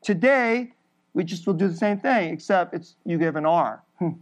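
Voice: mid-range voice, expressive, normal speed. A preacher giving an emphatic sermon, building through repeated phrases and laughing briefly between points.

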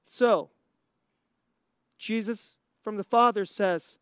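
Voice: mid-range voice, slow pace, clear, resonant tone, no echo, clean studio sound. A preacher giving a sermon, asking the listeners rhetorical questions and laughing between points.

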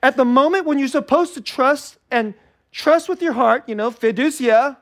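A male pastor preaching a sermon in an animated way, acting out little scenes and laughing often. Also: very high voice, moderate pace. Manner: animated, acts out scared and joyful voices, laughs often.

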